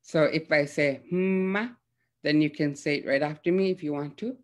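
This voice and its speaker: A young woman teaching throat singing in a gentle, hesitant way, with many fillers. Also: low voice, brisk. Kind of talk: casual spoken lesson with demonstrations.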